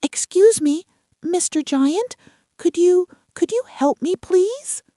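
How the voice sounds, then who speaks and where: A woman's voice: very high-pitched, animated, slow, dark tone, no room sound, studio quality, pitched above the performer's own voice, heavily acted. A woman voicing a tiny, shy seedling sprout that speaks timidly and stammers a little.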